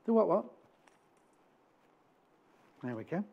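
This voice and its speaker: A man's voice: high voice, sing-song, slow pace, gravelly, breathy edge, muffled recording. A man presenting on a live shopping channel, chatting with enthusiasm and jokes. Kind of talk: live TV sales chat. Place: TV studio.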